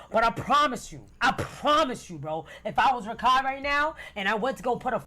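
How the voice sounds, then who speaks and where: A woman ranting in a commentary video, her voice high and swinging widely in pitch. She talks in slang and keeps slipping into mocking impressions of other people. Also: expressive, a little fast, few pauses, sharp tone. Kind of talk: animated commentary rant.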